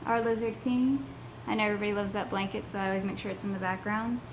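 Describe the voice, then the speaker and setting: A young woman from Texas chatting casually to her viewers, her voice hoarse from a sinus infection, rambling with many ums. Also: mid-range voice, flat delivery, rapid-fire, noisy background. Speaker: paranormal vlogger. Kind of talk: casual vlog chat to camera.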